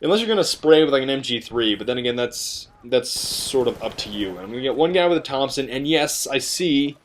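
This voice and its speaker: A man's voice: mid-range voice, lively intonation, brisk, slight background noise. A young man giving casual, joking gameplay commentary with rambling, chatty asides. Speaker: gaming video commentator.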